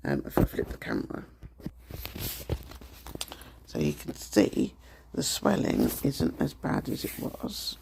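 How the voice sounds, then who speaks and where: Croaky British man chatting to camera. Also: rumbling low, wildly swooping pitch, slow pace, pauses often, a little mellow, a little hiss or hum. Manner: chatty and candid, with frequent ums. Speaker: vlogger. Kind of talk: casual chat to camera.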